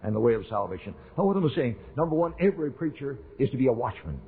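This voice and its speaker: An older preacher tells his story to the congregation, earnest and repetitive, building his emphasis as he goes. His voice is rough and husky, with a middling pitch. The recording is narrow and tinny, like a phone line. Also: sing-song, rapid-fire, hardly any pauses. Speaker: pastor. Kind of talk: sermon storytelling.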